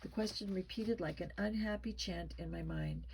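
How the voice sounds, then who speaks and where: A woman narrating a spooky children's story with a tense, expressive reading. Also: medium pitch, moderate pace, vocal fry, a little hiss or hum, poor audio. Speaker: storybook reader.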